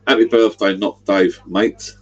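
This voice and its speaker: A man's voice: fairly low pitch, fairly even intonation, measured pace, slightly rough, highs cut off. A middle-aged man, rambling chattily on a livestream. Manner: rambling, chatty, gives directions. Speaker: livestream host. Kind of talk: casual livestream chat.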